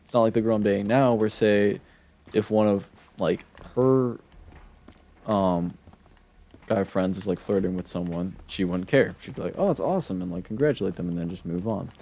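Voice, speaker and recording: A man's voice: on the low side, moderate pace, gravelly, mellow. A young man streaming a game, telling a long personal story in a casual, rambling way with many fillers and restarts. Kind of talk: casual storytelling while gaming.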